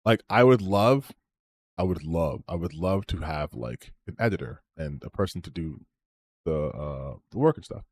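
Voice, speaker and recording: A man's voice: sits low, animated, moderate pace, husky, dry recording. A man streamer closing out his stream in a rambling, self-promoting chat, swearing freely as he talks. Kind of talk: casual stream sign-off chat.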